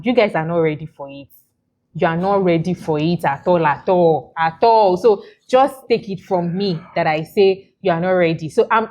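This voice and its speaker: A woman's voice: mid-range voice, darkish tone. A Nigerian woman hosting a podcast, introducing her guest in a playful, emphatic way and repeating words for emphasis. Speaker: podcast host.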